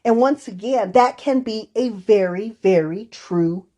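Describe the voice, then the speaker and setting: A woman's voice: medium pitch, unhurried, mellow. A woman co-hosting a podcast conversation, a counselor who talks casually and acts out short quotes from her clients. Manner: conversational, tells anecdotes with acted-out quotes. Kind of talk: casual chat.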